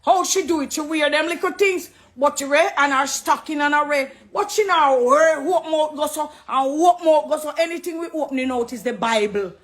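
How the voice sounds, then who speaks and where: A middle-aged Jamaican woman, dancehall artist turned Christian, addresses viewers directly on a live video, warm and preachy, moving from English into patois. Her high voice keeps a moderate pace with few pauses.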